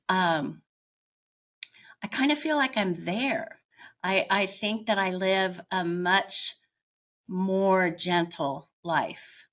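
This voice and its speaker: A woman's voice: medium pitch, a bit bright. An older woman, a retired teacher now teaching yoga, candidly telling her own story as an interview guest and searching for her words as she goes. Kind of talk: reflective personal storytelling.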